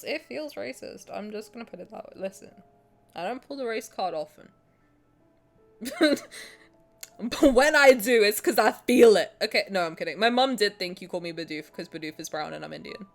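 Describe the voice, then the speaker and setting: A lively young woman streamer with a mid-range voice chats casually and reads game text aloud. She is animated and joking, swearing and breaking into giggles, with faint game music in the background.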